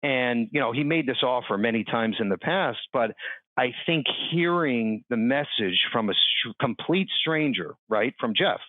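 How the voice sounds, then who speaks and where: A man in his forties tells a personal story as a podcast guest, animated and quick to act out the voices of the people in it. His voice sits at an ordinary middle pitch. The sound is thin and phone-like, with no room around it. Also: no echo. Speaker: interview guest. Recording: dry, tinny phone-like line.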